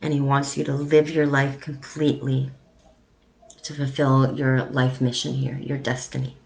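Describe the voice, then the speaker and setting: A woman psychic medium giving a live-streamed reading in a soft, halting delivery with frequent pauses and ums. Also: a bass voice, little pitch movement, creaky, poor audio.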